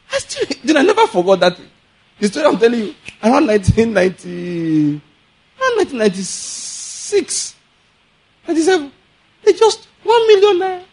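A Nigerian man preaching a sermon, telling stories in a lively way, laughing often and mixing in pidgin. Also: very high voice, moderate pace, pauses often, breathy edge. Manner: animated storytelling, laughs often, mixes in pidgin. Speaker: pastor.

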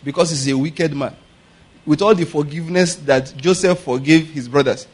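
A man preaches in a loose, conversational way, often checking in with his listeners through rhetorical questions. His voice sits a little high and carries a husky, breathy edge. He laughs easily between points. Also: moderate pace. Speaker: pastor. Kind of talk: sermon.

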